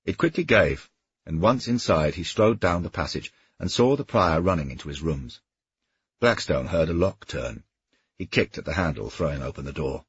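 A man narrating an audiobook in steady storytelling, with a husky voice. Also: sits low, moderate pace, no room sound, muffled recording. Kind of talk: scripted narration.

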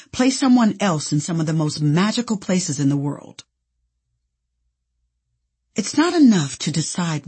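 A woman's voice: sits low, a little mellow, husky. A woman from Indianapolis, an actress, narrating her own memoir in a candid, playful storytelling manner. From Indianapolis, USA.

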